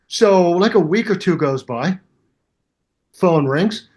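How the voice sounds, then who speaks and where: An older man in his seventies, a musician telling a long anecdote in an interview and acting out both sides of the conversation in lively voices. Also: fairly high pitch, slow, long pauses. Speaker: guest musician. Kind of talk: animated storytelling interview.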